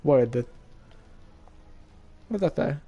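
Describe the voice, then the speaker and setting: Excitable young gamer guy, lively voice. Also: a little high, unhurried, slightly rough, highs cut off, faint music behind. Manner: excitable, chatty, laughs often. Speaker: gaming YouTuber. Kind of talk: casual gameplay commentary.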